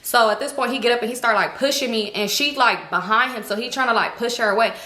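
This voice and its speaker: A woman with a fairly high, bright, edgy voice retells a personal story in a casual vlog. She talks in an animated way and curses constantly. The room around her rings with echo. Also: quick pace. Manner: heavy cursing, animated retelling. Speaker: storytime vlogger. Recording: roomy echo.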